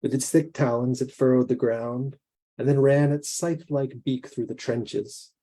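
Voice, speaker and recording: A man, a guest author, reading his own fiction aloud in a measured, deliberate way. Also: mid-range voice, steady tone, mellow.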